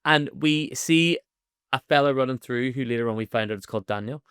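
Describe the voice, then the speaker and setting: A man co-hosting a podcast, recapping an episode in an animated, sweary chat and laughing often. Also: medium pitch, a little fast, clear, resonant tone, no room sound, clean studio sound. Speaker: podcast co-host.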